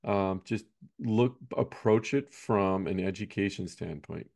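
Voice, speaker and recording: A man's voice: deep voice, fairly even intonation, takes it slowly, darkish tone. A man, a basketball coach, chatting casually on a podcast, rambling and often ending points with "right?".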